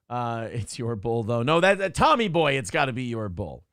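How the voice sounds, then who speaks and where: A man's voice: medium pitch, very animated, normal speed, a bit bright, smooth, dry recording, studio quality. A man co-hosting a casual live show, reading viewer messages aloud and joking about movie quotes. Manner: joking, quotes movie lines in put-on voices. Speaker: co-host reading viewer super chats. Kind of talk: casual live-stream banter.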